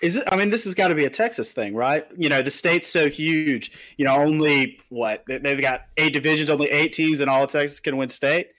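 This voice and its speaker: Man from Georgia, podcast co-host, easygoing casual chat, slightly high voice. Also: a little fast, few pauses, a bit bright, poor audio. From Georgia, USA.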